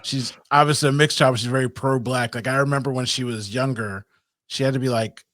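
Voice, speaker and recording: A man hosting a casual interview over a video call, telling a family story in an animated storytelling manner. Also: mid-range voice, a little fast, dry recording, studio quality. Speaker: host. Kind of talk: casual conversation.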